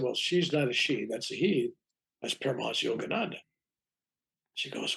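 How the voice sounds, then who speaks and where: A man's voice: mid-range voice, lively intonation, moderate pace, vocal fry, long pauses, fairly bright tone. An older man, a reverend, telling a long personal story in an interview, acting out the dialogue with frequent restarts. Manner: rambling, acts out quoted dialogue, frequent restarts. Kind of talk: anecdotal storytelling in conversation.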